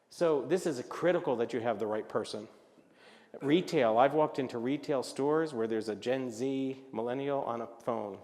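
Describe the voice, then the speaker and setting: A man giving a business presentation at a luncheon, animated and jokey, acting out little voices as he talks. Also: mid-range voice, long reverb tail. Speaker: luncheon speaker. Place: event hall.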